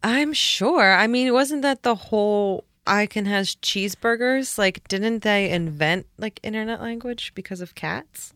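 A woman's voice: medium pitch, fairly bright tone, no echo. Playful young woman cracking jokes. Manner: playful, joking, quick laughs. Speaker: podcast co-host. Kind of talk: casual chat.

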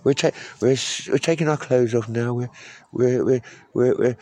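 A man's voice: mid-range voice, normal speed, mellow, no echo, lightly acted. A man voicing a brassy female sex-line worker who teases a caller, tripping over his words as he goes. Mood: teasing. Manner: playful, teasing, stumbling over words.

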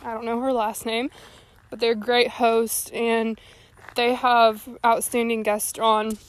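A woman's voice: a little high, little pitch movement, slow. Breathless young woman with a folksy drawl. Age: young adult. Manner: rambling, folksy, earnest. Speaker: podcast host. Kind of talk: casual solo talk. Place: walking outdoors.

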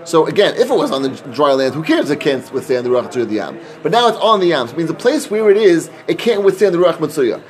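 Fast sing-song Talmud study leader. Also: male voice, a little high, animated, faint music behind. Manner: quick sing-song chanting mixed with plain explanation. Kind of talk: casual Talmud study session.

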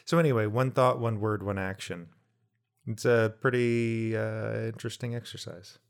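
A man's voice: on the low side, fairly even intonation, moderate pace, clean tone. A middle-aged man co-hosting a casual podcast, reflective and given to jokey asides and trailing restarts. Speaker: podcast co-host.

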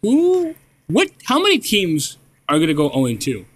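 A man's voice: high-pitched, huge pitch swings, moderate pace, slightly rough. A young man co-hosting a sports podcast, needling and teasing his friend in casual chat. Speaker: podcast co-host.

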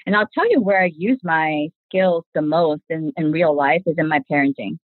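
Forties woman, husky and lowish, earnest podcast guest, tinny phone-like audio. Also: moderate pace, no room sound. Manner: earnest, reflective, speaks in long connected sentences. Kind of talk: casual podcast conversation.

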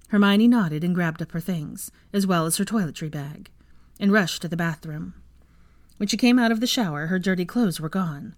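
A woman reading fan fiction aloud as narrator, at an even, steady pace. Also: on the low side, moderate pace, no room sound.

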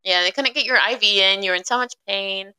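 Bright, smooth-voiced young woman chatting. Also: mid-range voice, fast talker, rough recording. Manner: chatty, teasing, fills in details. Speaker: podcast co-host. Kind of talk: casual chat.

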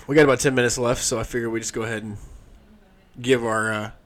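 A man's voice: medium pitch, steady tone, fast. A man co-hosting a casual podcast chat, blunt and outspoken, swearing freely. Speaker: podcast co-host.

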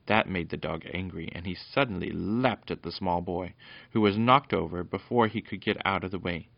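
A man reads a children's storybook aloud in a very low, gravelly voice, now and then tripping over words and correcting himself. The recording is dry and a little dull. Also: moderate pace, no room sound. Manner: unpolished, with frequent stumbles and self-corrections.

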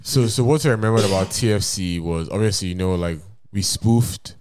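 Low-voiced rambling podcast co-host, man. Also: fairly quick, background noise. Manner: rambling storyteller, reads messages aloud punctuation and all. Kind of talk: casual chat.

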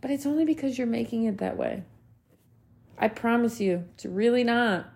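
A woman's voice: a little high, moderate pace, creaky, darkish tone. A woman in her thirties speaks on her own podcast in a heartfelt, emphatic way. She repeats her key points for weight and drops casual swear words as she talks straight to her listeners. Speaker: podcast host. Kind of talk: motivational solo podcast talk.

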